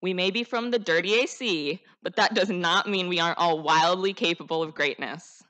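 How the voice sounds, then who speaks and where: A teenage girl speaks at a podium as the class salutatorian, her voice sitting a little low for a young woman. She delivers her graduation speech in an earnest, heartfelt way and builds to rousing calls to action. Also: normal speed, a bit bright. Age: teens.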